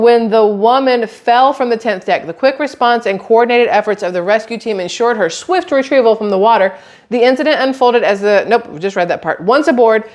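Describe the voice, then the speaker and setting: A woman chatting casually and reading a news article aloud, adding sarcastic asides and stumbling over words. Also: fairly high pitch.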